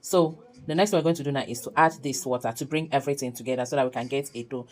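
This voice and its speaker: Very fast and low-pitched, this cooking channel host narrates her home tutorial on a low-quality recording. She walks viewers through every step chattily and laughs a lot.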